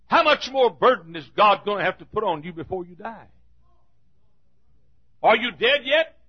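A man preaching a fiery sermon in a church, repeating his lines and rising to shouts. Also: high-pitched, animated, normal speed, breathy edge, lo-fi sound.

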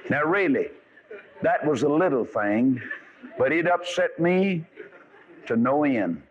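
Folksy preacher, lo-fi radio. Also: male voice, on the high side, big pitch swings, takes it slowly. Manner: folksy storytelling, rising and falling emphasis. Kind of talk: sermon. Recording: dull lo-fi radio broadcast.

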